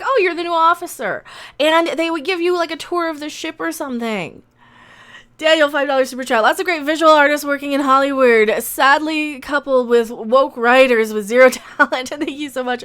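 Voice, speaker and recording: High, bright-voiced ranting woman. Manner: sarcastic, ranting, swears often. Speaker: reaction video host. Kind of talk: live-streamed reaction commentary.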